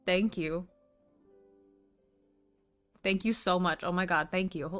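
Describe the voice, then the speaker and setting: This livestreamer speaks slowly in a lowish, fairly bright voice, leaving long pauses, with faint music behind her. Chatty and foul-mouthed, she gushes thanks when viewers donate during her casual stream.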